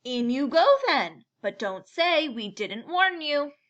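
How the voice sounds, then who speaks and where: Group of little storybook critters, timid, slow sing-song, bright and high; woman reader. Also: big pitch swings, lo-fi sound, heavily acted. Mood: fretful. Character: small woodland animals together, timid and crowded.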